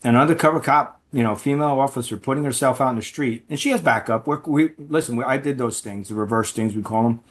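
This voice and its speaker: A man's voice: mid-range voice, fast, hardly any pauses. A man who used to be an undercover informant, telling stories as a podcast guest with frequent restarts and "right?" tag questions. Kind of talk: conversational storytelling.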